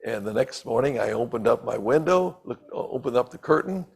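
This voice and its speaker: Older male preacher, gravelly voice, relaxed storytelling sermon full of ums and asides. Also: medium pitch, brisk. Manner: conversational, with frequent ums and asides. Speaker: preacher and missionary.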